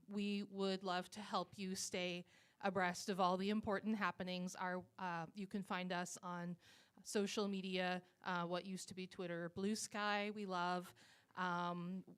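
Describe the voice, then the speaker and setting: A woman's voice: medium pitch, a bit bright, smooth. A woman who co-founded a civic group and works as a citizen lobbyist, giving a casual, chatty talk to an audience and rambling with frequent fillers. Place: speaking at a live event with a microphone.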